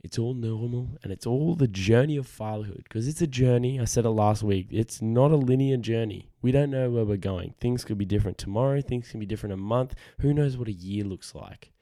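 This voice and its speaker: A young man hosting a casual solo podcast, husky from a cold, earnest and rambling, often repeating words. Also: medium pitch, fairly quick, few pauses, warm tone, no echo, clean studio sound. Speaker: podcast host. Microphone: studio podcast microphone.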